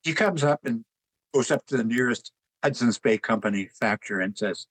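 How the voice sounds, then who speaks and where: Older man, husky, unhurried anecdotal interview guest. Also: mid-range voice, rough recording. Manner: relaxed anecdotal, chuckles at his own jokes. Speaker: author and artist guest. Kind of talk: conversational interview storytelling.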